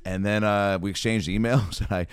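Man, comedian guest, lowish voice, smooth resonant tone, rambling anecdotes. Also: fairly even intonation, no room sound, studio quality. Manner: rambling anecdotes with quick quoted asides. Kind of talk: casual chat, comic storytelling.

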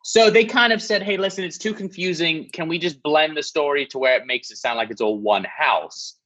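A man's voice: on the high side, a little fast, pushed and bright, lo-fi sound. A man chatting as a podcast guest, telling stories in a loose, rambling way. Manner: rambling, loose storytelling with many fillers. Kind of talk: casual chat.

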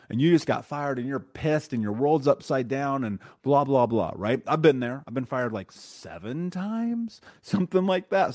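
A man's voice: medium pitch, darkish tone. A man hosting a solo podcast, talking bluntly and conversationally and often checking in with "right?". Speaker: podcast host.

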